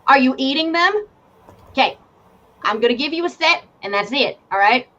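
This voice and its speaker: Fed-up tavern game master guy, voiced by a woman, high and bossy, lo-fi. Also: sing-song, slow, fairly bright tone, full character voice. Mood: exasperated. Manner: exasperated, bossy. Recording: dull lo-fi with faint hiss.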